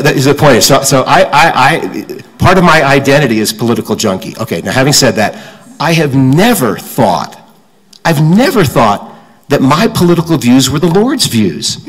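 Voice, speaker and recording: Older male guest speaker, husky, low, stop-start delivery, long hall reverb. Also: fairly bright tone. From suburban Washington, D.C. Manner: halting, many restarts, self-deprecating humor. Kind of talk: fireside talk with audience questions.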